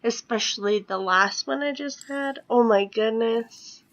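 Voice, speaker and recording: A woman's voice: a little high, unhurried, muffled recording. A woman in her thirties chatting casually at home while playing a life-sim game, often dropping into a whisper. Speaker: gaming vlogger. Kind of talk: casual gameplay commentary.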